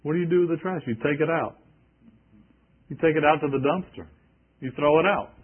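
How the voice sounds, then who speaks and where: A man's voice: a little high, a little fast, long pauses, husky, narrow, tinny audio. A male preacher giving an emphatic sermon, quoting scripture and asking rhetorical questions.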